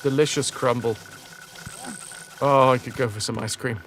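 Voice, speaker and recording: A man's voice: medium pitch, steady tone, moderate pace, background noise. A young man casually chatting and swearing as he streams a game, crude and self-mocking. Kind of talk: casual live gameplay commentary.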